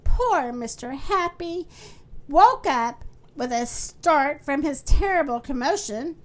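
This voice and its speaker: A woman hosting a children's story podcast, reading aloud in a friendly, animated way. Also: high voice, takes it slowly.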